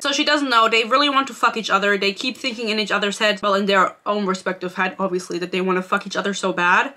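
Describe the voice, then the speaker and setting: A woman's voice: medium pitch, fairly even intonation, fast talker, pushed and bright. A woman giving a casual, sarcastic book review rant, swearing freely and laughing often.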